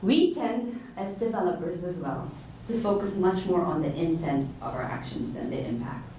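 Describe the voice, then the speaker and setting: A woman's voice: on the low side, lively intonation, normal speed, mellow, far from the mic, slight background noise. A woman giving an earnest, explanatory conference talk to a room, sometimes correcting herself mid-sentence. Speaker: conference speaker. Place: large conference hall. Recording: echoey hall, heard from afar.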